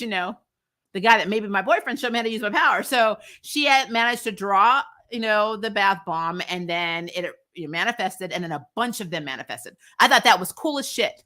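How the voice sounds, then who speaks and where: A woman's voice: mid-range voice, expressive, moderate pace, pushed and bright. A woman giving a casual, snarky recap of a TV episode, acting out the characters' lines and laughing as she goes. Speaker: TV episode reviewer.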